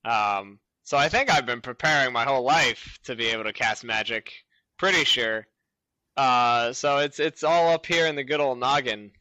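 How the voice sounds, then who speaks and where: A man's voice: mid-range voice, moderate pace, sharp tone, no room sound. An American man with an American accent, a voice actor guest in an interview, snarky and hesitant, with many fillers. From United States. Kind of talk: casual interview chat.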